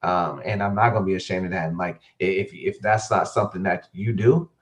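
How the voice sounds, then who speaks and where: Low-voiced man telling coaching stories. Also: fairly quick. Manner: animated storyteller who acts out quotes, many fillers and restarts. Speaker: co-head football coach, podcast guest. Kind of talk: interview storytelling.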